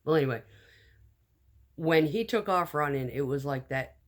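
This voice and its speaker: A woman telling a personal story in a casual storytime vlog, animated and blunt, acting out the lines of the people in it. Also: deep voice, moderate pace. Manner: animated, acts out quoted dialogue.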